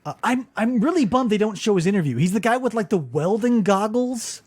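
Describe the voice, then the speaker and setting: A man with a high, lively voice that swoops up and down as he recaps a show for a co-host. He slips into quick voices for the people he quotes and swears casually. The talk is loose and conversational. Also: husky. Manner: animated, acts out quotes in voices, swears freely. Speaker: podcast co-host.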